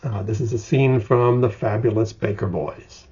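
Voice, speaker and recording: A man's voice: lowish voice, fairly even intonation, normal speed, a little mellow, husky. An older man teaching screenwriting in an explanatory lecture, acting out vivid examples as he goes. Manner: vivid storyteller, acts out examples. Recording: dull lo-fi recording.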